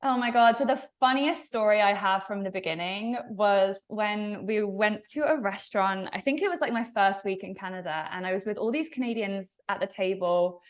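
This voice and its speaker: A young woman with an English accent, a podcast guest telling animated stories in a casual interview and laughing often. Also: mid-range voice, normal speed, hardly any pauses. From England.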